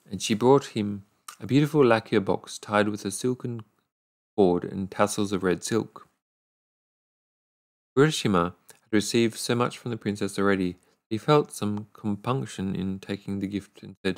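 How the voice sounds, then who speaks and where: Man, low voice, reading a fairy tale aloud, unhurried, frequent small stumbles. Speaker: storyteller.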